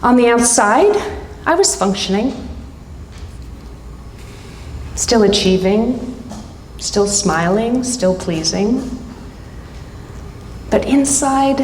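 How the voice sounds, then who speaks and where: A middle-aged woman telling a personal story live on stage, with dramatic pauses between short phrases. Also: medium pitch, lively intonation, darkish tone, slight background noise. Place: stage at a live event hall. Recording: roomy hall reverb.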